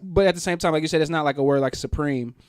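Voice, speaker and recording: A man hosting a casual podcast, easygoing and affirming, often stumbling into his sentences. His voice is smooth and resonant. The sound is dry and close. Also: on the high side, quick pace, darkish tone, dry recording. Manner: easygoing, affirming, repeats words as he starts. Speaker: podcast host.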